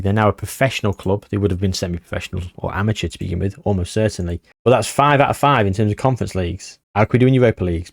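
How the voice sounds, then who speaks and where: A man chats through his football management save in a loose, joking way, full of puns and self-deprecating asides. His voice sits a little low. The recording is close and dry, with no room sound. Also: no echo. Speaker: gaming YouTuber. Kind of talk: casual game commentary.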